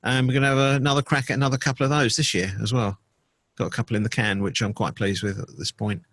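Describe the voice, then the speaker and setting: A middle-aged man, a DJ and producer, recalling his career in a casual interview, relaxed and full of fillers. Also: mid-range voice, fast talker, no room sound. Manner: relaxed storytelling with many fillers.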